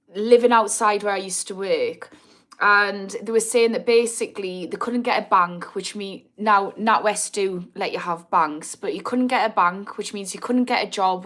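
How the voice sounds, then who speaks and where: A blunt woman in her thirties from Newcastle, England, with a Geordie accent, hosts an addiction recovery livestream Q&A, answering viewer comments and swearing freely. Her voice is mid-range with a fairly bright tone.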